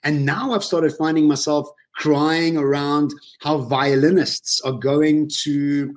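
Male guest, lively emotional storyteller, slightly high-pitched, webinar chat. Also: takes it slowly, hardly any pauses. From South Africa. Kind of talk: casual webinar interview.

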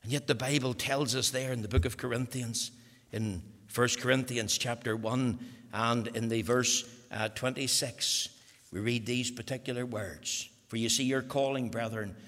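A man preaching a fiery evangelical sermon. He drops to hushed whispers and then climbs into loud, high-pitched exhortation. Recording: echoey hall.

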